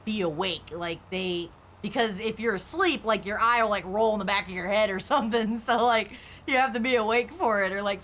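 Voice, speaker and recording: Here a young adult live streamer talks loosely over her gameplay, candid and wandering, with "like" popping up again and again. She speaks at medium pitch with a fairly bright tone against slight background noise.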